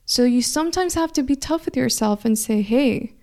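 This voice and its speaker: Smooth-voiced woman giving gentle encouragement. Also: sits high, fairly quick. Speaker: spiritual coach host. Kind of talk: weekly inspirational talk.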